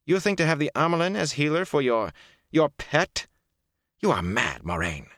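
A man's voice: deep voice, big pitch swings, moderate pace, bright, forceful tone, breathy edge, dry recording, clean studio sound, exaggerated voice. A man reading an audiobook, voicing a cold, haughty woman sorceress who speaks with disdain. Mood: scornful.

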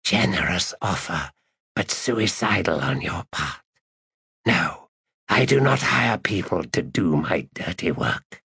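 A man voicing a cold, controlled stranger who threatens an assassin in an audiobook, in a raspy near-whisper. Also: sits low, expressive, slow, pushed and bright, no echo, studio quality, full character voice. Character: menacing mysterious male stalker, cold and controlled. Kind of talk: audiobook narration.

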